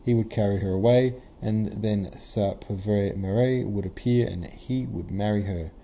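Dark-voiced male audiobook narrator. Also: fairly low pitch, unhurried, slight background noise.

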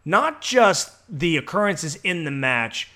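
Brash, profane man with a higher voice. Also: big pitch swings, pushed and bright. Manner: brash, profane, rapid-fire. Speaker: podcast co-host. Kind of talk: casual wrestling podcast chat.

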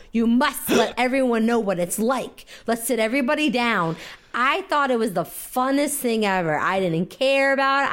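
A young adult woman comedian chatting casually, telling stories with lots of fillers and laughter. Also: a little high. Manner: animated storytelling with frequent fillers and laughs. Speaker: comedian guest. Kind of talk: casual podcast chat.

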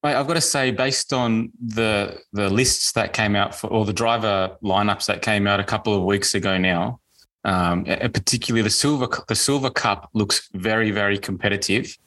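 Man, Australian accent, lowish voice, relaxed, enthusiastic, podcast host. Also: moderate pace. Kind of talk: casual podcast interview.

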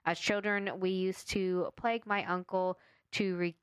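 Low-pitched woman telling a story casually. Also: level tone, unhurried, clean tone, dry recording. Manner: laughs often, tries an Irish storytelling voice.

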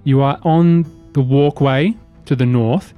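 Measured game master narrating a tabletop game. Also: male voice, mid-range voice, clear, resonant tone, phone-quality sound, soft background music.

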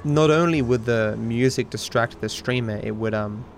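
A male streamer rambles casually, swearing freely and often restarting his sentences. His voice is medium in pitch and normal in speed. Faint chill hop music plays in the background.

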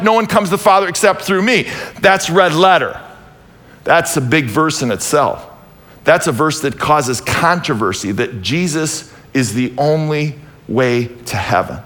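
A man preaching a sermon in a church, animated, reading scripture aloud and asking the congregation questions, shifting between loud exclamations and quiet asides. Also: medium pitch. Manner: reads scripture aloud and asks the audience questions. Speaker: pastor.

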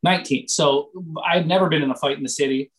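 This young Canadian comedian sounds a little high-pitched for a man and tells his story in a loose podcast chat. He swears a lot, piles on filler words and stays animated the whole way through. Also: fast talker, rough recording.

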